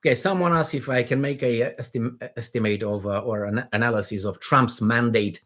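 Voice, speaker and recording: A man's voice: medium pitch, fairly quick, a bit bright. A middle-aged man hosting a casual livestream, rambling and joking as he reads viewer comments aloud, with many fillers and restarts. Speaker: livestream host.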